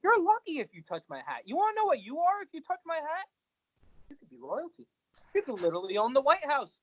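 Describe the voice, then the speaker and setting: A man's voice: extremely high pitch, very animated, fast, no echo. A man who wrestles professionally, talking casually and boastfully in an interview over a video call. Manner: boastful, cocky heel bravado. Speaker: pro wrestler guest. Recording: slightly dull video call audio.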